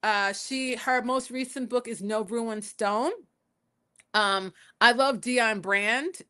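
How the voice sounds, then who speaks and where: A woman's voice: a little high, slow pace, bright, forceful tone, clear, resonant tone. A woman poet and scholar answering interview questions in a conversational way, telling stories and acting out the voices she quotes. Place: home in Puerto Rico.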